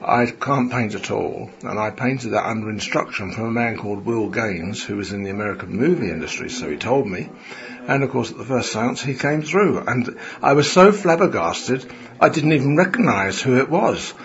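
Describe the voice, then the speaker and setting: A man's voice: medium pitch, expressive, normal speed. An older man, a medium reflecting in an interview, chatty and rambling with many fillers. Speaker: spiritualist medium interviewed after a seance. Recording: dull recording with a crowd behind.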